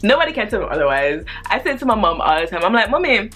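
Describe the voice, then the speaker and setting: A woman in her twenties telling a personal story on her casual vlog, animated and chatty, with slang and swearing. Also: mid-range voice, rapid-fire, faint music behind. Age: 20s.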